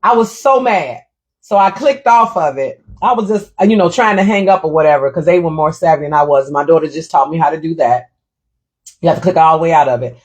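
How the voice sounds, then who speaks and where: A middle-aged woman hosting a casual livestream, telling a story in an animated, indignant way and reading viewer comments aloud. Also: low-pitched, brisk. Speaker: livestream host.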